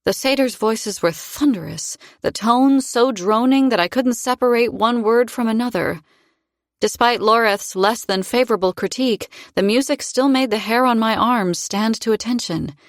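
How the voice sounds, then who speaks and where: A woman narrating a fantasy audiobook in first person, with a measured, expressive reading. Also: a little high, no room sound, studio quality.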